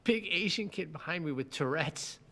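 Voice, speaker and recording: A middle-aged man hosting a podcast, telling a travel story in casual chat, animated, swearing often and acting out what people said. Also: fairly high pitch, normal speed. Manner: animated, swears a lot, acts out quotes. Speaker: podcast co-host.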